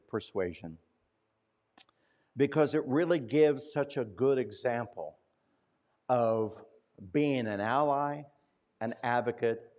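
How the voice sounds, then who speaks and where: A male pastor telling a story in a sermon, conversational, slowing down and dropping to a hush at key points. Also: medium pitch.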